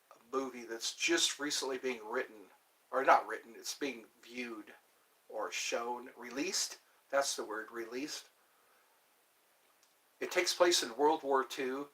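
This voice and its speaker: A man's voice: medium pitch, fairly bright tone. Guy rambling on his vlog, chatty, laughs at his own stuff, hums bits of songs. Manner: rambling, sings song snippets, laughs at himself. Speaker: channel host. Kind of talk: rambling solo vlog chat.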